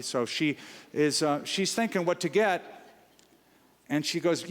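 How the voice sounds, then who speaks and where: A man's voice: fairly high pitch, lively intonation, measured pace, pauses often, long reverb tail. A male pastor preaching a sermon, telling a funny story and acting out its characters. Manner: storytelling, voices the characters in a joke.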